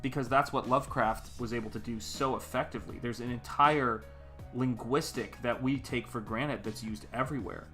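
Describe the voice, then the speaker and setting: American male stream host, rambling and friendly, bright tone, faint music under him. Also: medium pitch, steady tone, normal speed. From United States. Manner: rambling, chatty, greets viewers in chat. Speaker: artist livestream host. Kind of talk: casual livestream chat.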